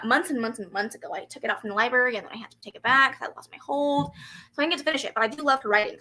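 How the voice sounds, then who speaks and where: A woman's voice: a little high, sharp tone, slight background noise, poor audio. A young woman hosting a casual reading livestream, chatting animatedly and giggling as she answers comments. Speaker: booktube livestream host. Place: home room with a fan running.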